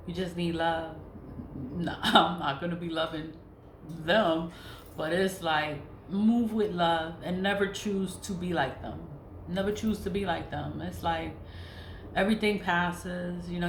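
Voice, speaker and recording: A woman's voice: sits low, slight background noise. Candid woman in her forties, voice going. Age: 40s. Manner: candid, rambling, swears freely. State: voice going hoarse. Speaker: nonprofit founder. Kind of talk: casual vlog monologue. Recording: roomy echo, faint ambience.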